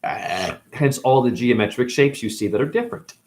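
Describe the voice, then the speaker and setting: A man from New England delivers a rambling spiritual monologue, his pitch climbing and dropping a lot. He swears freely and swings from low mutters to sudden loud bursts. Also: animated, moderate pace. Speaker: spiritual teacher, former dancer.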